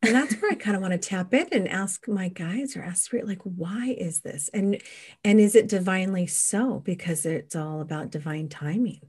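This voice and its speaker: A woman's voice: medium pitch, normal speed, darkish tone, breathy edge. A woman co-hosting a podcast, talking enthusiastically and effusively about spirituality. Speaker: podcast co-host. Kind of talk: casual spiritual chat.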